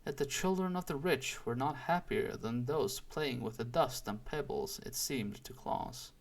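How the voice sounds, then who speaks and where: A man reading a storybook aloud in a slow, deliberate and expressive way. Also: medium pitch. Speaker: audiobook reader. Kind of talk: storybook read-aloud narration.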